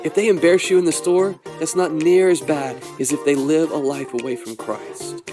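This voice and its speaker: A man's voice: on the high side, fairly even intonation, normal speed, over music. A man hosting a podcast, giving an earnest, pastoral Bible teaching that rises into exhortation.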